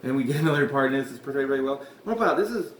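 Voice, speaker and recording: A man's voice: medium pitch, lively intonation, racing. Rambling podcast guy in an echoey room. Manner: rambling, laughs often, swears, self-corrects. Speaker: podcast host. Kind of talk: casual recap commentary. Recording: echoey room with faint noise.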